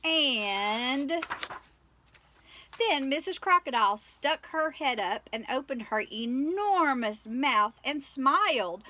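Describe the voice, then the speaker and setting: A woman reading a children's picture book aloud in an expressive, animated way. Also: sits high, slow pace. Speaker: storyteller.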